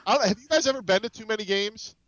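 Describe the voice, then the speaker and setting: A game studio's CEO chats as a podcast guest, telling stories in a casual interview, rambling with frequent restarts and acting out quoted dialogue. His voice sits high and is very fast, with dull audio and background noise.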